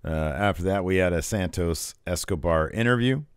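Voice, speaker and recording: A man co-hosting a wrestling podcast in casual chat, lively and joking, often jumping up into a higher voice. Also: normal speed, clear, resonant tone, no echo, clean studio sound.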